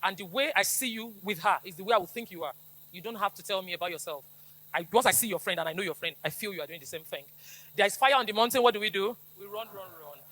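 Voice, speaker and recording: A woman's voice: medium pitch, quick pace, fairly bright tone. A middle-aged woman with a Nigerian accent, a police officer giving an emphatic call-and-response talk to schoolchildren. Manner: emphatic, preachy, repeats slogans for the crowd to echo.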